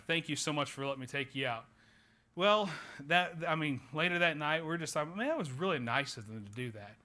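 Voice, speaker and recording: A man's voice: fairly high pitch, bright, forceful tone. A man in his thirties with an Oklahoma accent, a pastor telling a folksy, rambling story during a church service. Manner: folksy, rambling anecdote with many fillers. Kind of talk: sermon storytelling. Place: church sanctuary.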